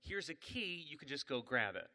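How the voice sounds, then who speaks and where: A man's voice: on the high side, sing-song, normal speed, pushed and bright, long reverb tail, heavily acted. A man doing a breezy hotel desk clerk lady.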